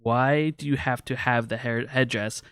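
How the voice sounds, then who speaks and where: An anxious, frantic companion pleads in hushed, stumbling words, as a man plays him. The voice sits at a middling pitch. The sound is dry. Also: steady tone, moderate pace, clean tone, no room sound, natural voice.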